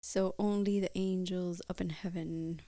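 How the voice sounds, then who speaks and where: Low-key woman chatting on a podcast. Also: steady tone, a little slow, dark tone, dry recording. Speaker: podcast co-host. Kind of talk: casual chat between siblings.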